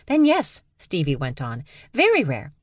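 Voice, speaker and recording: Casting: precise, fact-spouting young woman woman reading, higher, dry sound. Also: wildly swooping pitch, measured pace, no echo, exaggerated voice. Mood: lecturing. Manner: precise, lecturing.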